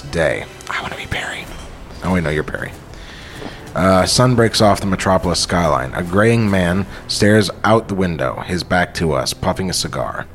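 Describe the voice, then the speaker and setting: A man hosting a podcast, reading a screenplay aloud with deadpan, profane asides. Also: low-pitched. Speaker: podcast host. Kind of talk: script read-through with banter.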